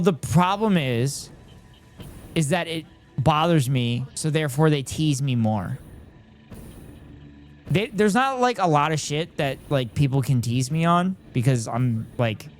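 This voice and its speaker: A man's voice: on the high side, expressive, unhurried, soft background music. A man in his thirties chatting casually on a live stream, reading and answering chat in a self-deprecating way.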